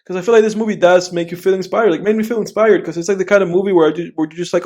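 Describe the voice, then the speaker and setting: High-voiced young man, rambling film chat. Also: steady tone, rapid-fire, darkish tone. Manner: rambling, laughs often, acts out quoted lines, swears. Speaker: podcast co-host. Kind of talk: casual chat.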